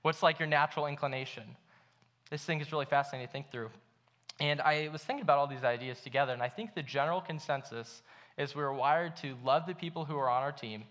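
A young man gives a sermon at church in a laid-back, storytelling way, full of "uh"s and "like"s. His voice sits a little on the higher side. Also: fast, fairly bright tone. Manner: casual storytelling with many fillers. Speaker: pastor.

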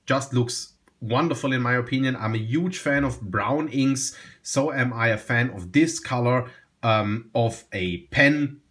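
A man talking through a fountain pen review in a relaxed, enthusiastic way, often repeating himself and restarting phrases. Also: mid-range voice, a little slow. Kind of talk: casual product review.

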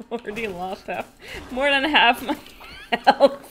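A young woman talks casually while streaming a video game, laughing and cursing at what happens in play. Her fairly high voice has a fairly bright tone, and she takes it slowly.

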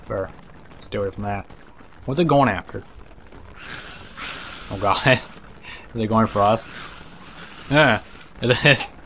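Man, lowish voice, casual gameplay commentary, swears a lot, faint hiss behind. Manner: excitable, swears and laughs, talks to game creatures. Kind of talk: casual let's play commentary.

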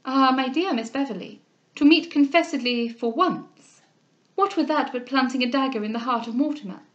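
A woman reading the part of an older gentlewoman and mother, earnest and insistent, in a formal manner. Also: high voice, normal speed, lo-fi sound, natural voice.

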